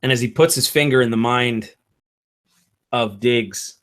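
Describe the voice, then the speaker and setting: A man narrating a tabletop game as game master, in slow, halting narration with fillers. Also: mid-range voice, fairly bright tone.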